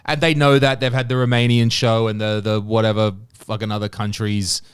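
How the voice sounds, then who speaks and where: Podcast host: Australian man, smooth, resonant voice, swears freely, dry close sound. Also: lowish voice, brisk, no echo. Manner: animated, profane storyteller. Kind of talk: casual chat.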